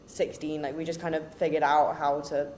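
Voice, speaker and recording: A woman's voice: sits low, little pitch movement, darkish tone, a little hiss or hum. A young woman in her twenties, a podcast guest telling a story with laughter and lots of "like". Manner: quick, laughing, uses a lot of "like". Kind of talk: casual storytelling chat.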